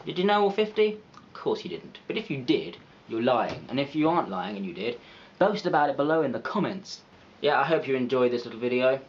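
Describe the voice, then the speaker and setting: A man's voice: mid-range voice, very animated, fairly quick, dull audio. A man narrating an educational video with playful, chatty, self-mocking asides. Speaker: video creator.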